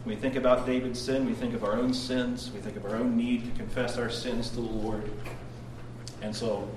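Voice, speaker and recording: A man preaching a devotional sermon at a prayer meeting, retelling with earnest emphasis and swings in loudness. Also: medium pitch, flat delivery, normal speed. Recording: roomy distant recording with background noise.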